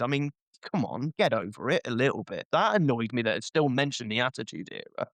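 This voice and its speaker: A man's voice: medium pitch, big pitch swings, fairly quick, a bit bright, no room sound. A man hosting a casual wrestling chat, ranting and joking as he acts out short quoted voices. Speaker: podcast host.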